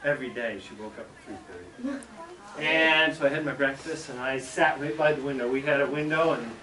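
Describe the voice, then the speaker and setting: A middle-aged school superintendent telling a story to children in a classroom, lively and acting out sounds as he goes. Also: mid-range voice, a little fast. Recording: echoey room from far off, background noise.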